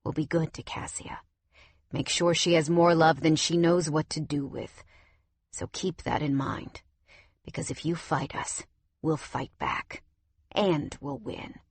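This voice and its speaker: A woman voicing a quiet, steady protective man in an audiobook, firm and low-key. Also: measured pace, husky, no echo, exaggerated voice.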